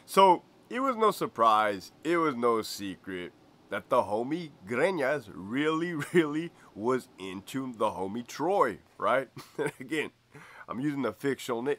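Brief: former lieutenant turned host, bright, animated voice, easygoing and laughing often. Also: male voice, medium pitch. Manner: chuckles often, keeps asking "right?". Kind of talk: casual storytelling vlog.

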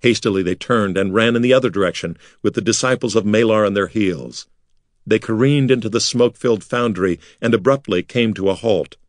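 Low-voiced man narrating a storybook. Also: no room sound, clean studio sound. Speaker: audiobook narrator. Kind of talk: scripted narration.

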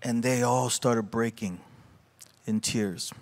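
Speaking slowly in a steady, mid-range voice, a male pastor gives an informal testimony and reflection at a church service. His heartfelt story is full of fillers and restarts.

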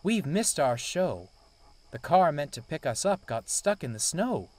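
A man voicing a cheerful young woman who leads a choir, with a bright, teasing manner. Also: fairly high pitch, sing-song, a little slow, pitched above the performer's own voice. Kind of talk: storybook voice acting.

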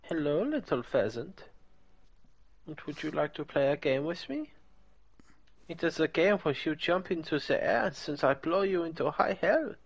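A man's voice: on the high side, big pitch swings, moderate pace, creaky, no room sound, exaggerated voice. A man voicing a menacing hunter with a put-on German accent, taunting his prey in a mock-polite, gleeful way. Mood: mock-sweet menace. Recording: dull lo-fi, dry.

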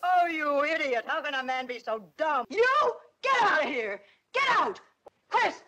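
A woman's voice: high-pitched, sing-song, a little slow, pushed and bright, full character voice. An actress playing a brassy, mocking young woman in a 1940s film, scornful and lovesick for a crook. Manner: mocking, brash.

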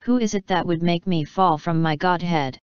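A stern, powerful king of the gods from an old storybook tale, judging a wicked deed in a low, smooth voice, read by a woman. The recording is dry and a touch dull. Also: moderate pace, a little mellow, no echo, lightly acted. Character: mighty king of the gods, male.

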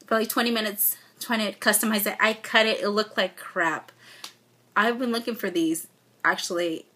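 A woman's voice: medium pitch, fairly even intonation, moderate pace, pushed and bright. A young woman vlogging as she unboxes a gift package, gushing and effusive, often close to tears. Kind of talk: casual unboxing vlog. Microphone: phone or camera mic.

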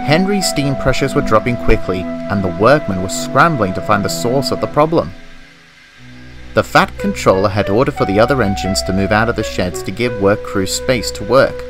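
Man narrating a storybook, low voice. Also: animated, normal speed, over music, rough recording.

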